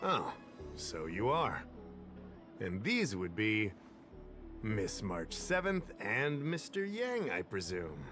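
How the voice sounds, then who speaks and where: A man's voice: fairly low pitch, big pitch swings, slow pace, long pauses, a bit bright, exaggerated voice. Polite formal official guy, voice swings around a lot, game music under it. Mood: courteous. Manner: courteous and formal. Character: polite male official hosting investigators. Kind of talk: game voice acting.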